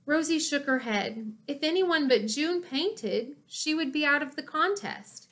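Woman reading a kids chapter book aloud, lively ups and downs, nice and slow. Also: high-pitched. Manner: expressive, slow storytelling. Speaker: narrator. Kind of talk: children's audiobook reading.

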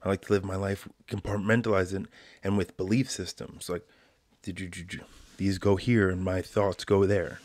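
A man with a low voice hosts a solo podcast and rants at length in loose, slangy speech, tossing in "bro." The sound is dry and close, with no room around it. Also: normal speed, no echo. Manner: animated ranting, slangy, says bro. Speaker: podcast host. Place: home, quarantine.

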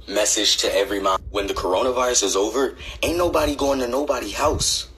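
A young man doing comedic skit monologues, swinging between high exasperated rants and low deadpan asides. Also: fast, hardly any pauses, low-quality recording. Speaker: comedy sketch creator.

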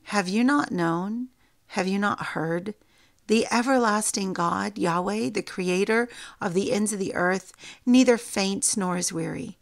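A woman teaching scripture with a creaky, gravelly voice. She reads the verses slowly and deliberately. At times she is moved and emotional. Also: mid-range voice. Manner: slow deliberate reading of scripture. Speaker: Bible teacher.

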